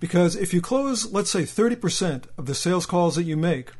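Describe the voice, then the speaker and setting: A man coaches salespeople in a motivational training talk, his darkish voice sitting a little higher than most men's, with a breathy edge. Animated and a little fast, he speaks directly and emphatically to the listener, often pausing to ask a rhetorical question.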